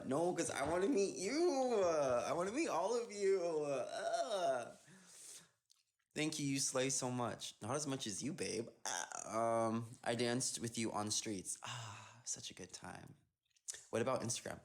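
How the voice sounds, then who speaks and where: A young man chatting casually on a phone livestream, reading viewer comments aloud and answering them playfully, often trailing off mid-thought. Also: fairly low pitch. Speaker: dancer hosting an Instagram live.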